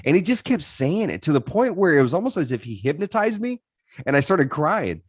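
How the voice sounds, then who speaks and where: A man's voice: mid-range voice, very animated, quick pace, dry recording, clean studio sound. A man in his thirties, a podcast guest, telling his life story in an earnest, reflective way with frequent restarts. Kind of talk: candid interview storytelling.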